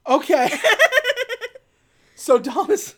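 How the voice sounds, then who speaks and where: A woman casually recapping a movie plot on a podcast, telling the story with lively energy and acting out the characters' lines. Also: high voice, drawn-out words. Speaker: podcast co-host recapping a film. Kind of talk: casual chat.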